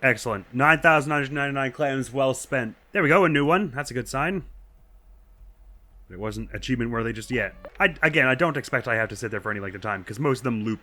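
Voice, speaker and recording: A man's voice: mid-range voice, fast, bright, forceful tone, faint music behind. A young man talking through a video game in casual commentary, chatty and self-deprecating, laughing often at himself. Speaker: let's play host.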